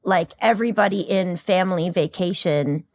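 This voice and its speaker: A woman in her forties, a podcast guest, telling stories in a lively way, laughing often and acting out other people's voices. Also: on the low side, moderate pace, gravelly. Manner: animated storyteller, laughs often, acts out voices. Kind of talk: casual chat.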